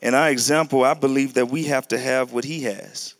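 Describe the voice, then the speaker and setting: In his sermon, the pastor takes the scripture slowly and with care. Then, all at once, he breaks into lively bursts that are loud and high-pitched.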